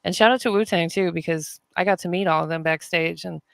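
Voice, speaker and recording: A woman hosting a rap podcast, chatting in a relaxed, easygoing way with plenty of ums and filler words. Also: on the low side, fairly quick, creaky, dry recording. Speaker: podcast host. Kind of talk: casual chat.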